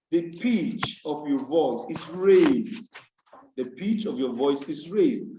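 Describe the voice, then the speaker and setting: A man with a Nigerian English accent giving an online English tutorial, repeating words and phrases slowly for emphasis. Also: fairly high pitch, darkish tone. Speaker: English teacher. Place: home room on a video call. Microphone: computer mic on a video call. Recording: echoey video-call audio.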